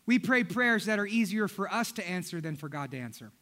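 A man's voice: high-pitched, a little fast, few pauses, a bit bright. A man, a pastor preaching a sermon in church, telling funny stories and talking straight to the congregation. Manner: humorous storytelling, talking directly to the congregation.

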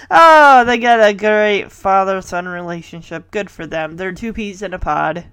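A woman's voice: mid-range voice, unhurried, fairly bright tone, clean tone, no echo. A woman in casual chat, retelling a sitcom episode with chatty, giggly asides and playful quoted lines. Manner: chatty, giggly, quoting characters in playful voices. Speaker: podcast host recapping a sitcom episode.

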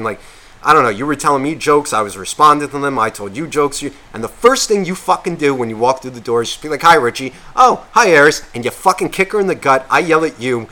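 On a casual podcast, a medium-pitched male co-host curses constantly and wanders off on tangents. He often restarts and doubts himself mid-thought, growing loud and heated when agitated.

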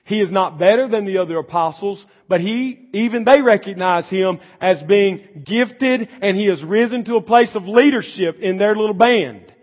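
A man preaching a sermon as pastor, building to shouted emphasis. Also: sits high, normal speed, hardly any pauses. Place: church sanctuary. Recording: long church reverb, dull lo-fi sound.

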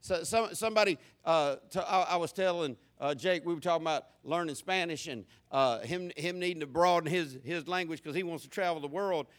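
A man's voice: on the high side, fairly quick, hardly any pauses. A man preaching a folksy, humorous sermon, stumbling through many stammered restarts.

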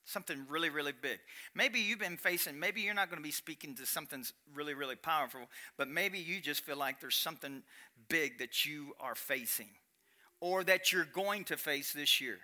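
Bright, high-voiced animated preacher. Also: male voice. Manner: animated, emphatic preaching with dramatic pauses and acted-out quotes. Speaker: pastor. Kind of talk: sermon.

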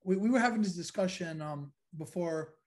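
A man's voice: high voice, normal speed, a little mellow. A man interviewing a guest in a friendly, chatty way over a video call.

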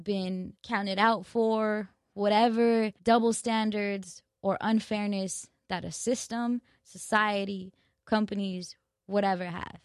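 Woman with a slightly high voice, blunt and profane, retelling an argument, close dry mic. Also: dry recording. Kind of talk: casual storytime monologue.

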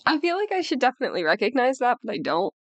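A woman co-hosts a casual podcast chat in a blunt, dry way, swearing freely. Her pitch sits a little high and moves around a lot. The recording is dry and close. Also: very animated, racing, no echo. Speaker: podcast co-host.

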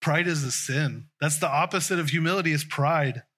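A man's voice: a little high, normal speed, fairly bright tone. A man preaching a conversational sermon, often restarting and trailing off mid-sentence.

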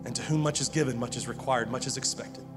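A man's voice: mid-range voice, fairly even intonation, fast talker. A man preaching a sermon as pastor, earnest, often repeating words as he presses a point. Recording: long hall reverb with music behind.

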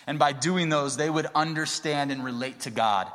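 A young adult man, a pastor, giving a sermon in a relaxed storytelling way that grows more animated at times. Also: a little high, normal speed. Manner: conversational storytelling, rising to excited emphasis. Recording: long reverb of a large hall.

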